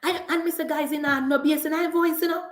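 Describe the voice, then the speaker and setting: A woman's voice: sits high, steady tone, fairly quick, echoey room. Fiery Jamaican woman ranting about politics. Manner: fiery, mocking, repeats rhetorical questions. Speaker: political commentator. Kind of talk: impassioned political rant. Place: indoors, filming herself for social media.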